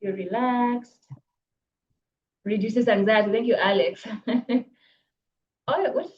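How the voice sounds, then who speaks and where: A woman coaching public speaking in a live online workshop, brisk and encouraging, reading viewers' comments aloud. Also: on the high side, dull audio, a little hiss or hum. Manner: brisk, encouraging, reads chat comments aloud, laughs often. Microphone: video call.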